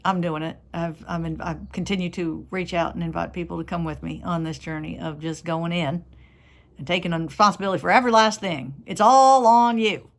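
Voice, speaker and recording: A woman's voice: fairly low pitch, a little fast, lightly acted. A woman voicing a folksy Southern man with a Southern US accent who gives humorous wisdom in a motivational monologue, repeating encouraging phrases. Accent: Southern US, Tennessee-like.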